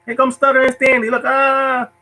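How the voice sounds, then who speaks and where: A man's voice: extremely high pitch, completely flat delivery, normal speed, sharp tone, voice pushed up, exaggerated voice. A man voicing a bunch of mocking schoolkids with a taunting, sing-song manner. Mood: jeering. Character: jeering schoolkids, loud and mocking.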